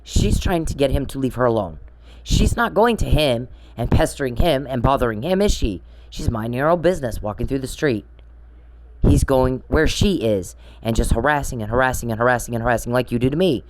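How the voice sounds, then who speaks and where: A woman's voice: a bass voice, animated, a little fast, poor audio. Woman podcaster, angry repetitive rant, swears. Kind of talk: angry monologue addressed to one person.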